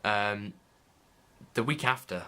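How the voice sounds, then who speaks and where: A man's voice: fairly low pitch, slow, sharp tone, clear, resonant tone. A man vlogging behind the scenes in a casual, rambling way, with many fillers and restarts. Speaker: vlogger, filmmaker.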